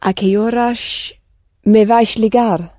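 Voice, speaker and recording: A woman language student answering carefully and slowly in a lesson. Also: a little high, fairly even intonation, mellow, dry recording, studio quality. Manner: slow, careful attempts.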